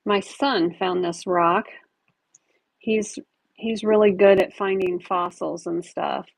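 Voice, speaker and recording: A woman hosting a live auction with a gravelly, fry-edged voice, talking in an easygoing, chatty way as she shows off each piece. The sound is dry and close, with no room echo. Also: medium pitch, steady tone, takes it slowly. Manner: chatty, describes items while handling them. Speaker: online jewelry seller running a live auction. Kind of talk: casual live-stream selling chat.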